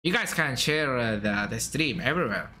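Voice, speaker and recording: A man from Arabia, giving excitable, chatty live commentary on his own gameplay as a streamer. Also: mid-range voice, moderate pace. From Saudi Arabia. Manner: excitable, chatty, bursts into shouts and laughs at the game.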